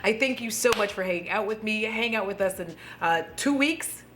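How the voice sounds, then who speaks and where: A tipsy woman hosting a casual makeup review vlog from home, gushing, excitable and swearing freely. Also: mid-range voice, normal speed, slight background noise. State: tipsy from drinking. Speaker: beauty vlogger.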